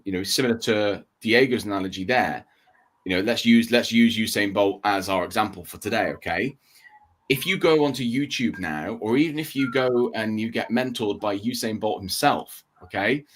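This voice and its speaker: Male livestream co-host, lower pitch, calm explainer, casual. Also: normal speed. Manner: steady explaining, checks in with "okay?" and "right?".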